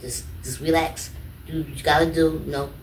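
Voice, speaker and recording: A man quoting God in his story, giving him a calm, fatherly and reassuring voice. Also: on the high side, a little fast, a little hiss or hum, lightly acted. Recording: roomy, distant mic, faint ambience.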